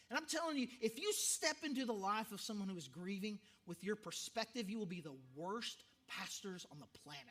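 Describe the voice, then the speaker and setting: A man's voice: high-pitched, lively intonation, a little fast, hardly any pauses, fairly bright tone. A man who is a pastor, preaching a sermon in a conversational way, often repeating himself for emphasis. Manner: conversational, self-interrupting, emphatic repetitions.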